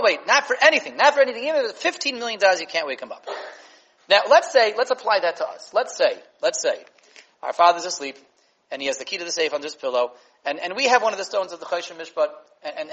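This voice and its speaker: Quick, animated rabbi teaching a class. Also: male voice, high voice, low-quality recording. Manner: animated, with many fillers and restarts. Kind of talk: Torah lesson.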